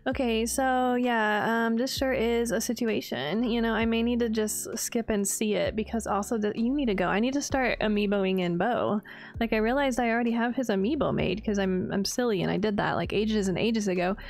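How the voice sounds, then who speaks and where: A woman's voice: fairly high pitch, normal speed. Chatty, sarcastic young woman gaming. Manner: chatty, sarcastic, self-deprecating, laughs often. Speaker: gaming video creator. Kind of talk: casual gameplay commentary.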